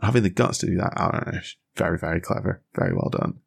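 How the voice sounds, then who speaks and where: A man's voice: low-pitched, huge pitch swings, fast, gravelly, husky. A young man co-hosting a podcast, chatting casually and rambling enthusiastically with plenty of fillers and restarts. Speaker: podcast co-host. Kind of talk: casual chat.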